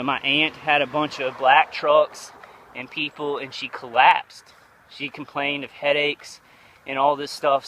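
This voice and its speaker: A man's voice: medium pitch, sharp tone, slight background noise, poor audio. A young man giving an agitated, repetitive video rant outdoors by a street, earnest and pressing his points again and again. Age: young adult. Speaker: vlogger. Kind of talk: ranting video update.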